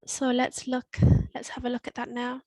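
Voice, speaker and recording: A woman teaching Spanish to learners, repeating phrases slowly and explaining them step by step. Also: a little high, completely flat delivery, no echo, poor audio. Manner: slow, careful modelling of Spanish phrases. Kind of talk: recorded language lesson.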